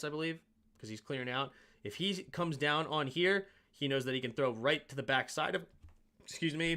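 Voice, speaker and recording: A man's voice: mid-range voice, bright, forceful tone. A man hosting a sports show, casually breaking down game film and thinking aloud with self-mocking asides.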